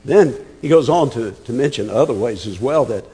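A man's voice: medium pitch, expressive, moderate pace, dark tone, breathy edge, long reverb tail. A man preaching an expository sermon, emphatic and conversational, repeating words as he thinks. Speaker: pastor.

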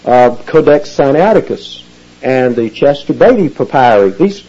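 A man preaching an expository sermon, explaining Bible words with animated emphasis and teacherly asides. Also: medium pitch, unhurried, muffled recording. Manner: animated teaching, rising emphasis on key phrases. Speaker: pastor.

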